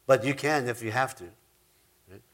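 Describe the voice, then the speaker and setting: A man's voice: medium pitch, normal speed, a bit bright. A man teaching from the Bible in an informal, rambling way, often correcting himself and acting out the quoted lines. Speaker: preacher.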